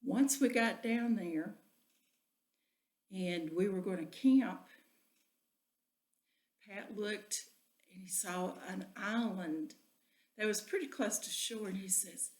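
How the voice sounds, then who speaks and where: A woman telling a folksy spoken story, often dropping into a breathy whisper. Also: mid-range voice, slow, long pauses, darkish tone. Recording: echoey room.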